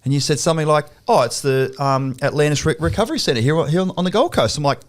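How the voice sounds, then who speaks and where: A man's voice: on the high side, animated, fast. An Australian man hosting a podcast in a studio. He chats casually, swears freely and tells stories by acting out quoted exchanges. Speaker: podcast host. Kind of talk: casual interview chat.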